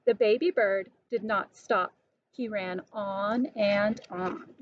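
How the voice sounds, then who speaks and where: A woman slowly and deliberately reading a children's picture book aloud. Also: mid-range voice, steady tone, slight background noise. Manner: slow, clear and deliberate. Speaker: storybook reader. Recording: dull lo-fi recording.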